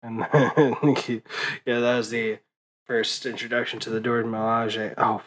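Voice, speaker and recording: Slow, weary man rambling through grief. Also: medium pitch, flat delivery, low-quality recording. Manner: profane, grieving, rambling with many fillers. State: tired, late at night. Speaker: movie vlogger. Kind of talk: casual rambling monologue.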